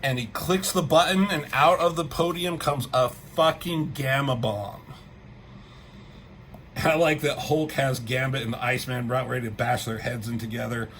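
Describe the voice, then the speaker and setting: A man casually recapping a comic book, loose and excitable, acting out the characters' lines in quick bursts and swearing freely. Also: medium pitch, a little hiss or hum.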